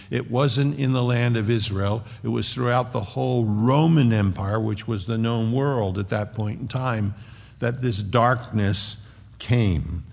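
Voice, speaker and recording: A man preaching a sermon with a dramatic delivery, rising to loud declarations and dropping to hushed tones. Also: mid-range voice, creaky. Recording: dull lo-fi recording in a reverberant hall.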